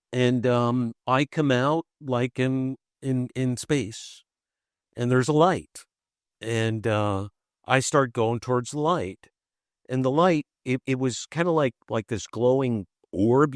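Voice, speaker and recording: A man of middle pitch recounts a personal story as a podcast guest, his sentences stopping and restarting with repeated words. He slips into animated impressions of the people he quotes. The recording is dry and close, with no room sound at all. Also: dry recording. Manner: halting and repetitive, restarting phrases; animated, acts out quoted voices.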